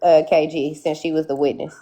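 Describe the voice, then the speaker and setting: A woman's voice: low-pitched, little pitch movement, a little fast, mellow. A woman hosting a live stream, blunt and pushy as she moves things along. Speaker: host. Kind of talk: moderating a live show.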